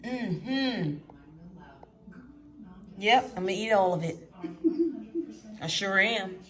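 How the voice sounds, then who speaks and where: A woman chatting excitedly in a casual cooking vlog, often saying y'all. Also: mid-range voice, slow. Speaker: vlogger. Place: home kitchen with frying food.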